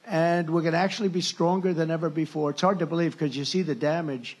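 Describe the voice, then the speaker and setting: A man's voice: a little high, steady tone, fast talker, a little mellow, slightly rough. A male candidate giving a campaign rally speech, rambling and sarcastic, often breaking off mid-sentence to restart. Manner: rambling, sarcastic, with self-interruptions. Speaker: presidential candidate.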